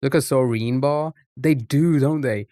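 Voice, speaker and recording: A man's voice: mid-range voice, a little slow, mellow, no echo, clean studio sound. Rambling, chatty male streamer. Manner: rambling, chatty, trips over words. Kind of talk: casual live-stream chat.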